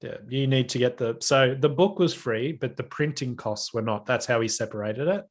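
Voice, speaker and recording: A man's voice: mid-range voice, normal speed. A man, co-hosting a podcast in casual chat, telling stories and acting out the lines of the people in them. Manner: storytelling with acted-out quotes. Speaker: podcast co-host.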